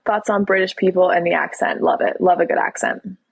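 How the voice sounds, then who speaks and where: A woman's voice: fairly low pitch, flat delivery, a little fast, gravelly, slightly rough, dry recording, low-quality recording. A young woman from Toronto hosting a casual live stream, reading viewer questions aloud and answering them candidly. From Toronto, Canada. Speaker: livestream host.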